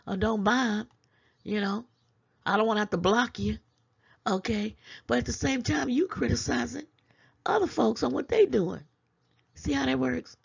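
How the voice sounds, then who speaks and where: A woman's voice: mid-range voice, creaky, a little mellow, breathy edge, highs cut off. A woman hosting her own commentary channel, lecturing viewers with rhetorical questions and chuckling between points. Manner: preachy, scolding with rhetorical questions. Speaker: channel host. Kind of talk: casual commentary vlog.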